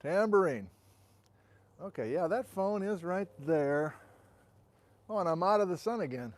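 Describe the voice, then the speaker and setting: A man's voice: high-pitched, lively intonation, unhurried, dry recording. Chatty man hosting a livestream outdoors. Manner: chatty, greets viewers and reads out where they are from. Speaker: host. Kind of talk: casual livestream chat. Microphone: wireless transmitter and receiver.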